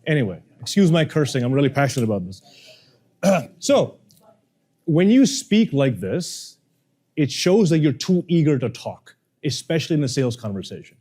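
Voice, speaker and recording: A man, a public speaking coach, teaching a workshop to a live audience, energetic and playful, often quizzing the room. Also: a little high, normal speed.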